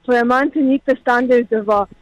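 A woman's voice: on the high side, steady tone, brisk, no room sound. A woman calling in to a radio show, speaking earnestly and searching for her words. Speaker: caller. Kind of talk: call-in phone chat. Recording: dull lo-fi phone line.

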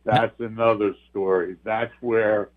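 A man's voice: fairly low pitch, level tone, takes it slowly. An older man, earnestly telling a personal ghost story as a caller. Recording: tinny phone line.

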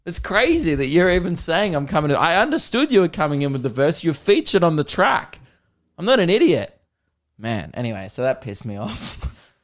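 A young man hosting a comedy podcast, telling animated stories with swearing and frequent laughter. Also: on the high side, moderate pace. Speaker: podcast host.

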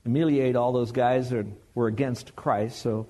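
A man preaching a sermon in a conversational, animated way, joking with the congregation. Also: mid-range voice, normal speed.

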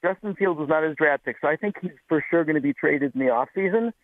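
A man from the Chicago area calling in to a sports radio show, slightly out of breath, chatty and quick to laugh. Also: on the high side, no room sound. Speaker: caller. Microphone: phone. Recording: phone line.

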